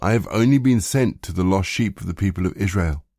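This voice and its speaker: Calm male teacher, lowish and measured, read plainly by a man; close, dry sound. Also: dry recording. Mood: steady.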